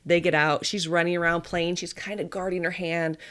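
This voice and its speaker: A woman in her thirties, a dietitian and mother, hosting a podcast and retelling a family story in a chatty, animated way with little laughs. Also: on the low side, fairly quick, smooth. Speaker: podcast host. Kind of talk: casual storytelling monologue.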